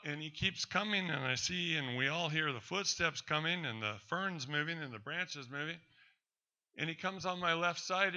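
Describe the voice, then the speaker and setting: Guy giving a talk, really bright forceful voice, pitched kinda high, tells his story with punch. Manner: emphatic and defiant, addresses doubters directly.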